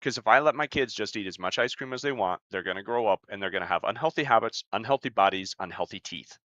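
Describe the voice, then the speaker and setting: Blunt, forceful man swearing freely. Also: lowish voice, fast talker, no room sound, highs cut off. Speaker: podcast co-host and life coach. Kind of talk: casual podcast talk.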